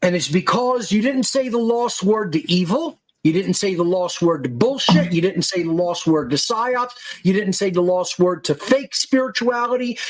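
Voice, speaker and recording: A man's voice: high-pitched, poor audio. A male podcast host giving an angry, aggressive monologue full of profanity and insults.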